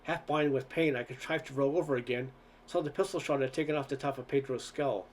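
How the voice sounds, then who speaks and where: A man's voice: medium pitch, a little fast, slight background noise. A man reading a novel aloud in earnest storytelling, now and then stumbling over words. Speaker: audiobook reader.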